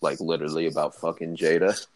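A man with a very low voice chats on a casual podcast. He talks loudly and profanely, often getting worked up and laughing. The sound is dry and close, with no room around it. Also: level tone, fast talker, dry recording. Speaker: podcast co-host. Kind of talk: casual chat.

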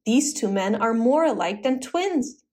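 A woman's voice: a little high, animated, a little slow, dark tone. A woman voicing a hot-tempered, lovesick duke, declaiming his lines in a storybook reading. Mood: amazed.

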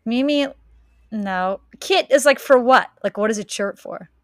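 A woman's voice: a little high, unhurried, no echo, studio quality. Chatty woman podcast co-host. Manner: chatty, questioning, joking. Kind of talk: casual chat.

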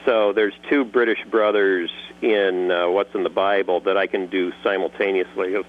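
A man answering interview questions in a casual, joking way, lively and quick to slip into voices. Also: lowish voice, narrow, tinny audio. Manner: animated, jokey, slips into character voices. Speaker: guest voice actor and creator.

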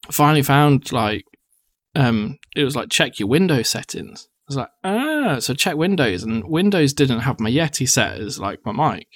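A man's voice: mid-range voice, animated, moderate pace, dry recording. Chatty young man, dry sound. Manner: chatty, swears casually, acts out quotes. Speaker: podcast co-host. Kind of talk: casual chat.

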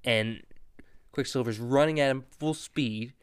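Podcast host, man, casual and wry, smooth voice, dry close mic. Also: medium pitch, unhurried, no room sound. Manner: chatty and wry, with laughs. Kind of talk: casual comic book recap.

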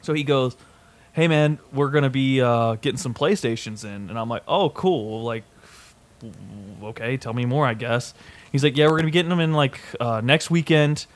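A young man hosting a podcast, telling a story in an animated, swearing way and acting out both sides of an argument. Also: mid-range voice, moderate pace. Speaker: podcast host. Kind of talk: casual storytelling chat.

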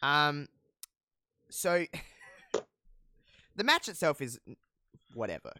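A man telling a casual wrestling recap as a podcast co-host, animated, with lots of fillers. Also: fairly high pitch, drawn-out words, background noise. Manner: animated storyteller, many fillers.

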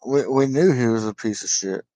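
Man, podcast co-host, animated storyteller, heavy swearing, dry close sound. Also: mid-range voice, moderate pace, no echo, poor audio. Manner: animated storyteller, swears a lot, acts out characters' lines. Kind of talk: casual review chat.

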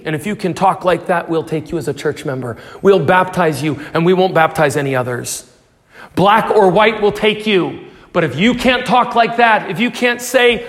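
A pastor preaching an earnest sermon, swinging from loud pleas to hushed prayer. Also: male voice, high-pitched, expressive, normal speed, big-room sound.

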